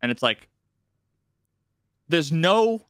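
A man on a casual gaming podcast, his somewhat high voice animated as he retells a quest and jumps up to mimic the characters. The studio sound is dry and close. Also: drawn-out words, no echo. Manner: animated storyteller, acts out game dialogue in raised voices. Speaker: podcast co-host.

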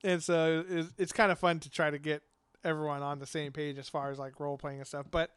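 A man's voice: on the high side, flat delivery, brisk, fairly bright tone, clean tone, dry recording. A man chatting casually as a podcast host about running a tabletop game, rambling with lots of fillers and laughter. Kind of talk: casual chat.

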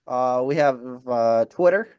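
A man hosting a casual live-streamed podcast, sounding congested and halting, repeating words and using many fillers. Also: medium pitch, clean tone, dry recording, dull audio. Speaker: podcast host.

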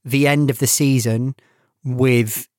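A man co-hosting a casual football podcast, halting and searching for words as he talks. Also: medium pitch, fairly even intonation, a little mellow, no echo, studio quality. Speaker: podcast co-host.

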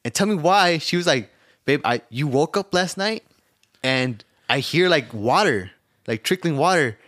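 Young man telling a story, slightly high voice. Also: measured pace. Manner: laughing, animated storyteller who acts out quotes. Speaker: podcast co-host. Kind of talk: casual storytelling chat.

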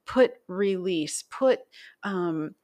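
A woman hypnotherapist, a guest, explaining things in a calm, instructive, guiding way. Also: fairly low pitch, drawn-out words. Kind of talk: casual conversation.

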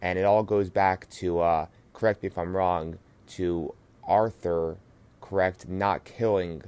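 A man's voice: deep voice, fairly even intonation, measured pace, a little mellow, clean tone. A man co-hosting a podcast, talking earnestly with frequent hesitations and fillers. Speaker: podcast co-host. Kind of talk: casual podcast discussion.

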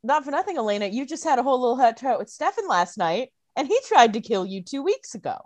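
A woman with a very lively, swooping pitch trades jokes in casual chat, paraphrasing characters with playful sarcasm. Her voice is recorded dry and close, with no room echo. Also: fast talker. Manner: playful, wry, laughs while paraphrasing characters. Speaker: podcast co-host.

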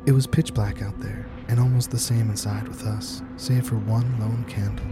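A man reading a scripted horror story aloud in a measured, tense storytelling manner. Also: fairly low pitch, fairly even intonation. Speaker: narrator. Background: music.

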